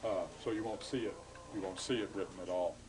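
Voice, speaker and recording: A man lecturing a class on grammar, halting and full of fillers, stopping to correct himself. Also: low-pitched, background noise.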